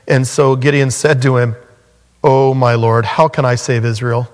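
A male pastor delivers an earnest sermon with a mid-pitched voice that jumps up when he acts out scripture. His voice carries a long reverb through the church hall. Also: normal speed. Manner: earnest, animated preaching that rises sharply when acting out scripture.

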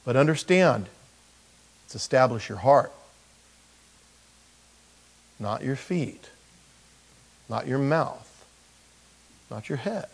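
A man's voice: medium pitch, expressive, takes it slowly, creaky, long pauses, breathy edge, poor audio. A middle-aged male pastor preaching a conversational sermon, full of rhetorical questions and humor.

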